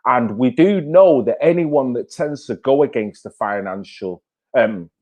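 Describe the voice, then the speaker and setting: A channel host with a medium-pitched, darkish, animated voice keeps a measured pace. His casual live-stream commentary is blunt and fired-up, laced with profanity and rhetorical questions.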